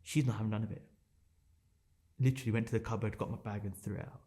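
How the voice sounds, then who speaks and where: A man's voice: lowish voice, fairly even intonation, fast, mellow. A man in his thirties, a podcast guest telling a painful personal story in a raw, intense way, swearing and repeating phrases for emphasis.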